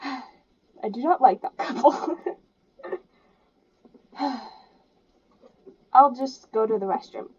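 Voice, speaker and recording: A woman's voice: a little high, takes it slowly, long pauses, darkish tone, breathy edge. Giggly young woman reading a game. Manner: giggly, chatty asides. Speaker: gamer playing a story game. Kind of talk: reading a visual novel aloud with commentary. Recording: dull lo-fi sound.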